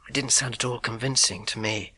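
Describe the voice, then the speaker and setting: A man narrating a children's audiobook in first person, with an expressive, suspenseful telling. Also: medium pitch, moderate pace, breathy edge.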